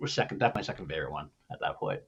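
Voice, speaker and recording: Male podcast co-host, mid-pitched, slightly muffled recording, fond storyteller. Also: lively intonation, very fast, fairly bright tone, slightly rough. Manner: fond, retells scenes with quoted lines. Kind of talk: casual chat.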